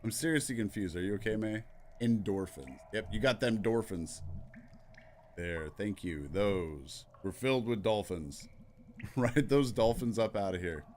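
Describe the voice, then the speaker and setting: Low-voiced man reading game dialogue. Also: lively intonation, unhurried, a little mellow, a little hiss or hum. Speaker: let's play host.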